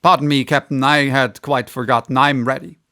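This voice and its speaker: A man voicing an excitable, absorbed man of science in an audiobook, exclaiming his discoveries. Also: mid-range voice, normal speed. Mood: apologetic.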